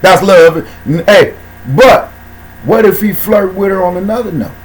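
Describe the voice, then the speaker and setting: High-voiced slangy male talk-show host. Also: unhurried, slight background noise, low-quality recording. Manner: slangy, animated, shouts out viewers by name. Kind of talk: casual streamed talk show chat.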